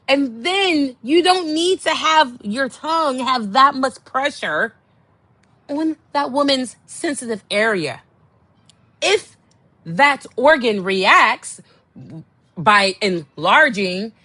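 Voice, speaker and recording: A young woman hosting a podcast, telling a candid story in a blunt, exasperated way, dropping to low murmurs and jumping to high outbursts. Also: bright, forceful tone, no room sound. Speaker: podcast host.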